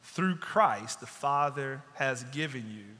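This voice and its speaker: A man's voice: medium pitch, expressive, slow pace, bright, forceful tone. A man preaching a sermon as pastor, building in intensity and dropping into pleading asides. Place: church sanctuary. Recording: long church reverb.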